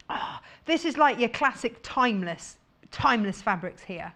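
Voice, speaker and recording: A woman's voice: fairly high pitch, big pitch swings, normal speed, a bit bright. A woman presenting fabrics on a live shopping channel, chatty and jokey, laughing often.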